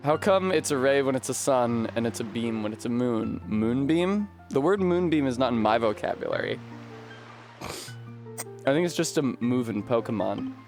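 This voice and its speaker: A man's voice: mid-range voice, lively intonation, normal speed, music in the background. A man live-streaming from a room at home, chatting casually with his viewers, laughing often and swearing freely. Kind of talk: casual live-stream chat while gaming.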